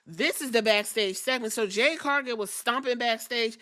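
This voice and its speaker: A woman's voice: on the high side, moderate pace, fairly bright tone. A woman hosting a podcast, recapping in slangy, profane, gossipy storytelling. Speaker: podcast host reviewing wrestling. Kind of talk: casual recap.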